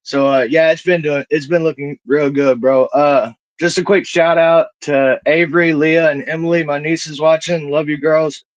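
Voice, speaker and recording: A man with a slightly raised pitch gives his betting picks as a guest, reading stats in a relaxed, casual way. His voice comes through dull and dry, like a lo-fi remote call. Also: moderate pace, few pauses, dry recording. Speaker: guest tipster. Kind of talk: casual sports picks talk.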